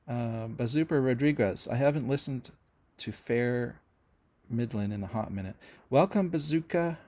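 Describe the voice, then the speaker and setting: Middle-aged canadian guy doing a chill livestream chat, rambly and friendly, lots of ums, average pitch voice. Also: normal speed, mellow. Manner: chatty, friendly, rambling with many fillers and restarts. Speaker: host of a music channel livestream. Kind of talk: casual livestream chat reading viewer comments.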